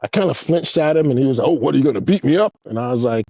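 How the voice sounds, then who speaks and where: A man in his fifties tells rambling, foul-mouthed stories, his voice jumping up and down with animated energy. His tone is husky and mellow. The dry sound is slightly dull and lo-fi. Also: medium pitch, rapid-fire, hardly any pauses, no echo. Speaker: guest, former pro skateboarder. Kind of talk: casual storytelling.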